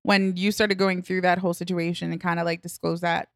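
A woman's voice: on the low side, flat delivery, fairly quick, no echo, studio quality. Easygoing woman podcast co-host. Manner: easygoing, affirming, laughs often. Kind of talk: casual chat.

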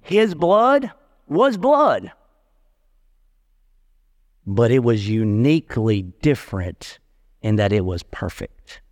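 A man preaching a sermon as pastor, lively and casual, mixing slang and jokes into his teaching. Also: medium pitch, slow, long pauses, long reverb tail.

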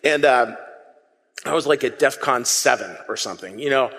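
A man preaching a sermon to a congregation. He talks in a lively, conversational way and has the audience repeat phrases back to him. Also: mid-range voice, moderate pace, long reverb tail. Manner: animated, conversational preaching with audience call-and-response. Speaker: pastor.

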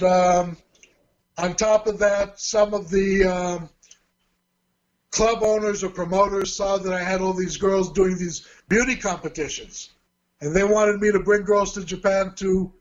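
A man's voice: high voice, slow pace. A man with an Australian accent, telling stories in an interview and acting out the dialogue of the people in them. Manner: lively anecdote teller who acts out quoted dialogue. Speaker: interview guest, former event promoter. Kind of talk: storytelling interview. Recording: dull lo-fi recording.

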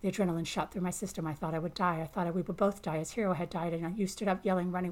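A woman narrating a first-person science fiction story in a calm, measured way. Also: lowish voice.

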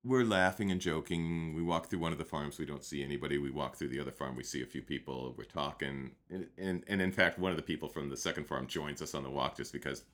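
A man with a very low voice recounts a story in an easy, unhurried way. He speaks conversationally, pausing on fillers and restarting phrases as he goes. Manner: relaxed, anecdotal, with um fillers and restarts. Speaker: guest teacher.

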